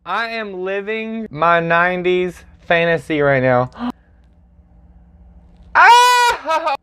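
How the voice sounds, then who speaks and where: A man chatting casually through a makeup review at home, excitable, with dramatic squeals and sassy asides, filmed on a phone camera. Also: sits high, slow, smooth. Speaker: makeup vlogger.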